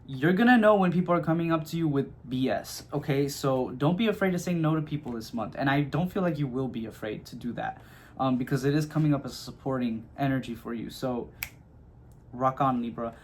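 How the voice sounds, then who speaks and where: A man's voice: medium pitch, a little fast. A man giving a casual tarot reading, chatty and loose, full of fillers and "okay?" check-ins. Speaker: tarot reader.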